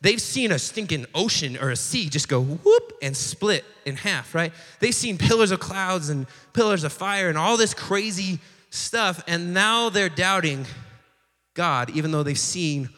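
Young man, casual joking sermon, bright voice, long hall reverb. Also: on the high side. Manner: animated storyteller acting out quotes, joking asides. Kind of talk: casual sermon retelling a Bible story.

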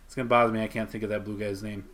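There's slight background noise as a podcast co-host talks very fast in a fairly low, flat, yet fairly bright voice. He's casually retelling a comic scene by scene, reciting the characters' dialogue.

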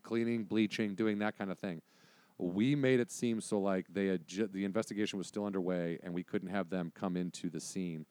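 A man tells a story in relaxed chat and acts out the different voices as he goes. His voice sits fairly low. The sound is dry and close to the mic. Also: no room sound. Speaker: guest telling a story.

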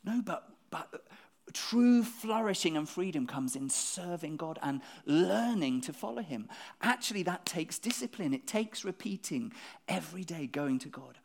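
A preacher talks to the congregation in a brisk, conversational sermon. The voice sits mid-range and keeps throwing out rhetorical questions. Words often come twice as thoughts restart. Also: mid-range voice, animated, vocal fry. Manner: repeats words when restarting.

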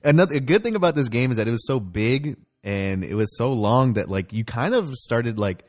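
A man's voice: mid-range voice, a little fast. A man in casual chat, telling stories animatedly and swearing freely. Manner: animated storytelling, heavy swearing.

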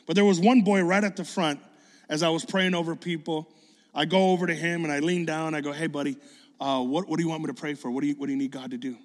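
A man preaching a sermon, telling a story with lively acted-out dialogue and excited bursts. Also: fairly high pitch, quick pace, big-room sound. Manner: animated, acts out dialogue, builds to excited bursts.

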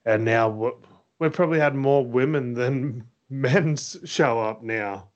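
A man co-hosting a casual wrestling podcast, excitable and quick to laugh. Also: medium pitch, dull audio. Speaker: podcast co-host.

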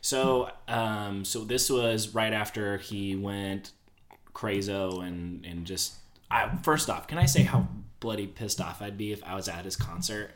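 A man's voice: fairly low pitch, a little slow. A man co-hosting a casual podcast, rambling and joking through a story. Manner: chatty, rambling, self-deprecating. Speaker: podcast co-host. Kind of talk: casual chat. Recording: mic covered in pantyhose.

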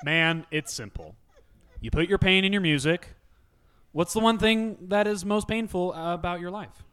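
A man's voice: high voice, normal speed, fairly bright tone, smooth, pitched above the performer's own voice. A man playing a laid-back male record producer who talks in slang and coaxes an artist, in a comedy sketch. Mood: coaxing.

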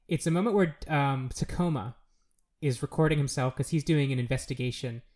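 A podcast co-host chatting casually about a show, rambling with many fillers and jumping up in pitch when amused. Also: fairly quick, darkish tone. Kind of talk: casual chat reviewing a show.

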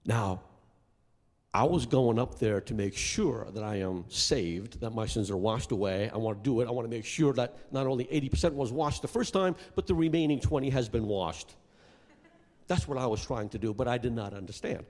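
A middle-aged man from Iraq preaches his testimony in a big church sanctuary, his voice carrying a long reverb through the hall. He speaks at a middle pitch for a man and climbs into passionate, near-shouted peaks when the story swells. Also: normal speed. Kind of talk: sermon testimony.

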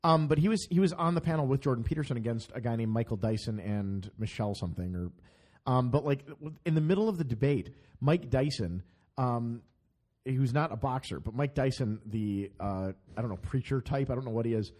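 Lively, joking man in casual chat. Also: medium pitch, fairly quick. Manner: animated, joking, many fillers and restarts. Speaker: podcast co-host.

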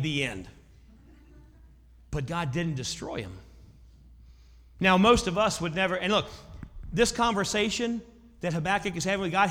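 A man preaching a sermon as pastor, growing loud and intense when he voices prayers. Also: a little high, big-room sound.

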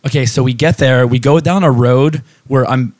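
Swearing, animated male podcast storyteller. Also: mid-range voice, moderate pace, no room sound. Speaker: podcast co-host. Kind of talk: casual chat, storytelling.

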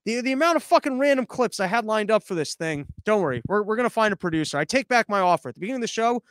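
A man's voice: sits high, animated, racing, fairly bright tone, smooth, no echo, clean studio sound. A man hosting a podcast as a live stream, rambling through viewer comments in a sarcastic, crude, offhand way. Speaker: podcast host.

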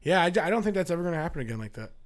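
A man's voice: fairly high pitch, sing-song, racing. A man with a Midwestern accent co-hosting a casual podcast, offhand and blunt, swearing often. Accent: Midwestern American. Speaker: podcast co-host. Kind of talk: casual chat.

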